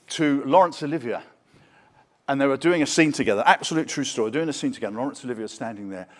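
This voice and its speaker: A man's voice: medium pitch, a little fast. Older man telling showbiz stories. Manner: theatrical storyteller who acts out quoted voices. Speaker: guest speaker, actor. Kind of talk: anecdotal after-dinner talk.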